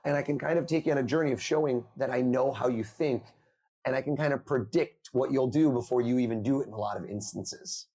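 Husky-voiced man telling animated stories. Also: mid-range voice, quick pace. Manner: animated storyteller, acts out quoted voices. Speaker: mentalist guest. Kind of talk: podcast interview over video call.

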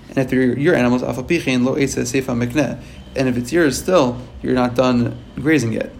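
A man's voice: mid-range voice, gravelly, a little mellow, a little hiss or hum. A man teaching a verse-by-verse text study, reading Hebrew phrases and then translating them into English, often restarting mid-phrase. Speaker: Torah teacher.

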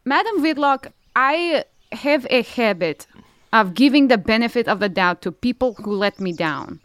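A young woman speaks in character as a witch, earnest and a little theatrical. Her voice is smooth, clear and slightly high, recorded dry and close. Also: lively intonation, moderate pace, no echo. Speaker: player. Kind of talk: in-character role-play.

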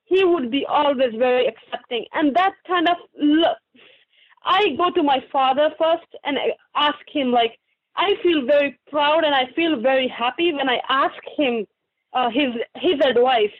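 A young woman speaks in a high, earnest voice, circling back and restarting as she searches for words. Her voice comes through a thin, phone-like line. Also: normal speed. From Pakistan. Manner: earnest, heartfelt, with frequent restarts. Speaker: guest author. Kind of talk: interview answers over a remote line.

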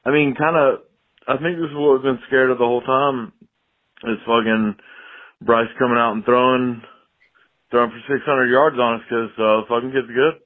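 A man's voice: mid-range voice, fairly even intonation, moderate pace. A man leaving a rambling voicemail as a caller, swearing and self-pitying. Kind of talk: voicemail rant. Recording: tinny phone line.

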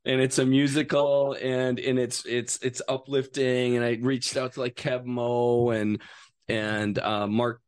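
A man's voice: mid-range voice, flat delivery, measured pace. A man from Wisconsin, a writer and actor, chatting as a studio guest and telling a long, rambling story full of restarts. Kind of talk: casual studio chat.

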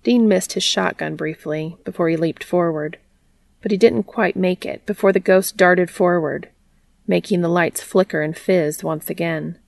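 A woman narrates a story aloud in a steady, plain way. Her voice is low and strongly gravelly with lots of vocal fry. The recording is close and dry. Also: moderate pace, dry recording. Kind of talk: reading fan fiction aloud.

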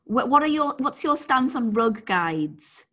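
Female co-host; chatty, self-deprecating, husky voice, slightly high. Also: sing-song, measured pace, a bit bright. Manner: chatty, self-mocking, giggly. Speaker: podcast co-host. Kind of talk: casual chat.

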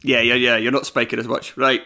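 A man's voice: mid-range voice, level tone, fairly quick, bright, forceful tone. A man hosting a casual podcast, joking at his own expense, swearing and laughing often. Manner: self-deprecating, swears freely, laughs often. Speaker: stand-in podcast host.

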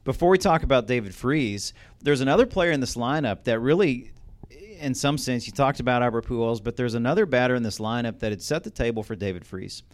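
A man's voice: medium pitch, lively intonation, brisk. A man hosting an interview at a museum, recapping games in a casual way and then asking his guest questions.

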